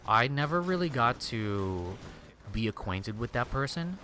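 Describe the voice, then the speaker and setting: A man's voice: mid-range voice, sing-song, unhurried, sharp tone, a little hiss or hum. A young adult man streaming a game, chatting casually with viewers in a rambling, slangy way. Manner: rambling, slangy, peppered with "dude" and "like". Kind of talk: casual gameplay chat.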